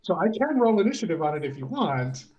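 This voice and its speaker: Male player, mid pitch, earnest, keeps protesting with laughs. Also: big pitch swings, quick pace, darkish tone, dull audio. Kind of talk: casual tabletop banter.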